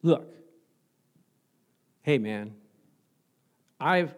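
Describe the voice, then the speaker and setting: A sulking older brother airs his grievances in a loud, resentful voice, as a preacher acts him out. The complaint is drawn out, with heavy stress on each grudge. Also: mid-range voice, expressive, extremely slow.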